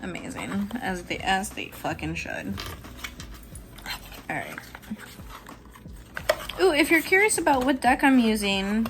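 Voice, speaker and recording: A woman giving a casual, chatty tarot reading, lively and quick to laugh, with some swearing. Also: mid-range voice, slight background noise. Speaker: tarot reader.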